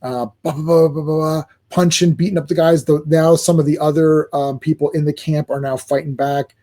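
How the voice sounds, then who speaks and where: Excitable man with a mellow voice. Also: a little high, a little fast. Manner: excitable, animated, acts out quotes. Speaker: comic book reviewer. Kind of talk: casual video review.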